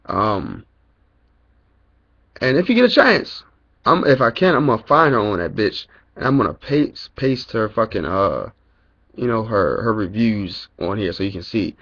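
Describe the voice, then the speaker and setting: A man's voice: lowish voice, very animated, unhurried, fairly bright tone, highs cut off. A young man telling a long, angry story about college in a casual vlog, swearing a lot and rambling with fillers. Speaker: college student vlogger.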